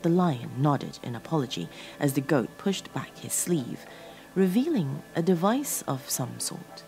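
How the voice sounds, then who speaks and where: A woman narrating a horror story in a slow, dramatic storytelling manner as host of her own show. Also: low-pitched, very animated, darkish tone. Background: faint music.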